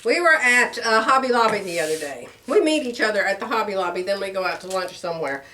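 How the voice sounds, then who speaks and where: A woman's voice: medium pitch, expressive, quick pace, pushed and bright, far from the mic, a little hiss or hum. An older woman chatting casually in a home sewing vlog, rambling along and laughing often. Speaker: sewing vlogger. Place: home room. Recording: roomy sound from away from the mic.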